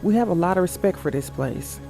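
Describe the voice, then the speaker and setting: A man's voice: sits high, lively intonation, brisk, creaky, warm tone, faint music behind. A man reading the lines of a wary male guest who warns of local legends, in a solemn tone. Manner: solemn, warning tone, reading aloud.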